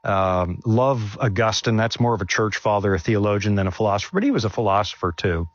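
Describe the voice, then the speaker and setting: Husky-voiced man sharing his testimony. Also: on the low side, lively intonation, a little fast, no room sound, lo-fi sound. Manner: earnest, conversational, with restarts. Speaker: guest speaker. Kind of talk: testimony in an onstage Q&A.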